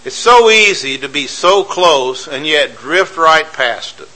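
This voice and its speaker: Emphatic bright-voiced male preacher. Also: on the high side, expressive, takes it slowly, poor audio. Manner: emphatic, repeats phrases for effect, rhetorical questions. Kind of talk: sermon.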